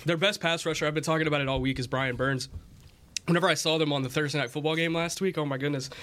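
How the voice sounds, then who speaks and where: Guy doing football breakdown, bright kinda high voice, keeps cracking up. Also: fairly even intonation, fast talker. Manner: laughing through spicy food, flustered. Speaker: football analyst. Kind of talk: sports talk show.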